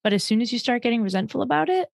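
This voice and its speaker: A woman's voice: fairly high pitch, animated, rapid-fire, gravelly, no room sound, clean studio sound. A woman hosting an interview, explaining her views on roles and shared workload in a confident, reasoned way. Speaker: host. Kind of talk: interview discussion.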